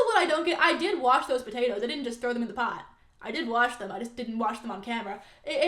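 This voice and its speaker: Young woman, sarcastic reaction host, slightly high voice, echoey room. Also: bright, forceful tone. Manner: chatty, exasperated, sarcastic. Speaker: content creator reacting to comments. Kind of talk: casual reaction commentary.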